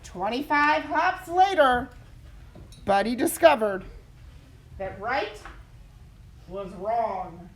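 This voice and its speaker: Female teacher, class read-aloud, high bright voice, unhurried and expressive.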